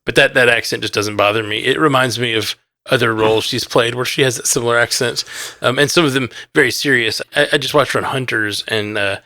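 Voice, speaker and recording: A man's voice: mid-range voice, brisk, bright, forceful tone, no echo, clean studio sound. A man co-hosting a podcast, talking animatedly in a casual review chat, full of "like" and restarts. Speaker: podcast co-host.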